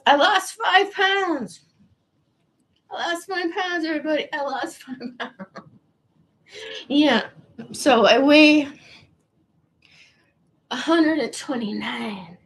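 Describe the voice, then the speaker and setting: Slow, high-voiced woman chatting on a livestream. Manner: chatty, swears freely, trails off and restarts. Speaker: livestream host. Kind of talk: casual rambling livestream chat.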